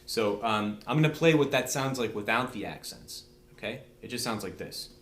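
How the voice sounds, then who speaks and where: A man's voice: fairly low pitch, lively intonation, moderate pace, loud music behind the voice. A man teaching drums step by step in a patient, conversational way, often checking in with "okay?". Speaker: drum teacher. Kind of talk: step-by-step instructional demonstration. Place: room with a drum set. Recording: echoey room.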